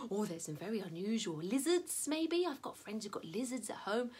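A woman leading a live-streamed children's singalong, chatting warmly and cheering the kids on. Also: mid-range voice, very animated, normal speed, hardly any pauses, breathy edge. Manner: bubbly, encouraging, talks straight to young children. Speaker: children's music session leader. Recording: loud strummed guitar over the voice.

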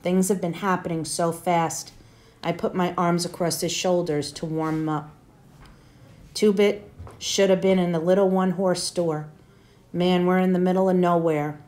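A woman teacher reads a novel aloud to her class in a steady, plain storytelling manner. Her voice sits low and sounds soft and mellow. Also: normal speed.

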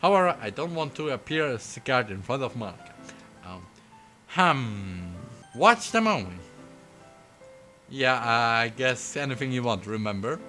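A man streaming himself reading a visual novel aloud, breaking off into giggly, excitable asides. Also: medium pitch, a little slow, pauses often. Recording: faint game music behind.

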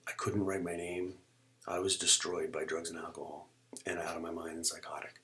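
A middle-aged man with a low voice recounts his own life as a testimony. He tells it dramatically, acts out what people said, and often sinks to a hushed whisper. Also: little pitch movement, normal speed. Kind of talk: personal testimony.

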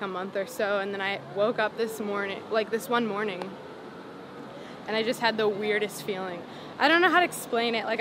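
A singer in her twenties telling a story in a casual interview outdoors, with lots of "like" fillers and frequent laughs. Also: medium pitch. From Los Angeles. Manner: chatty, many "like" fillers, laughs often. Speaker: singer-songwriter guest. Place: outdoors on a city sidewalk. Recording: street noise behind.

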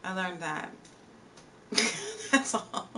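A woman's voice: fairly low pitch, animated, drawn-out words, pushed and bright, far from the mic, slight background noise. A woman live streamer chatting casually and answering her viewers' chat messages. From Virginia, USA. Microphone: streaming setup.

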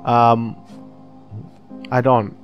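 A man's voice: mid-range voice, level tone, drawn-out words, dull audio, soft background music. A man hosting a casual let's-play, reading the game's text aloud and reacting with laughs and swearing. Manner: chatty, swearing, reads game text aloud, laughs often. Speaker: gaming channel host.

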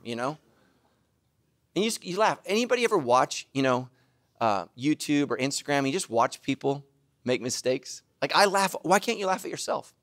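A middle-aged man preaching a sermon, self-mocking and animated, now and then bursting into shouts. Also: mid-range voice, no room sound, clean studio sound. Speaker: pastor.

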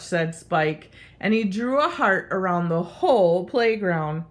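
A woman reading a children's picture book aloud in an expressive, sing-song voice. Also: fairly low pitch, takes it slowly, few pauses.

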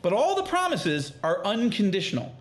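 A man's voice: high voice, normal speed. A man as a podcast guest, teaching on the Bible in conversation and acting out quoted speech with animation. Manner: animated, acts out quoted speech in lively tones.

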